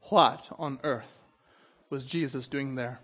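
A man preaching a sermon who stumbles and repeats the starts of words, keeps asking "okay?", and swings between loud emphatic bursts and quiet low asides. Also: slow, breathy edge. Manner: stumbles and repeats opening sounds, checks in with "Okay?".

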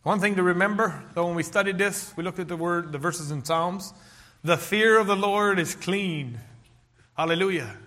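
A middle-aged man preaching a sermon in an earnest, emphatic way, slowing down to stress key lines and reading scripture aloud. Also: high-pitched, bright, forceful tone. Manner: earnest, slow emphatic delivery with King James scripture reading.

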